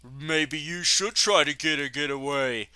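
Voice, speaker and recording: A man voicing a big, bald brute of a scout who talks about eating a captive, with a slow, gloating menace. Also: fairly high pitch, bright, forceful tone, clean tone. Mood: menacing.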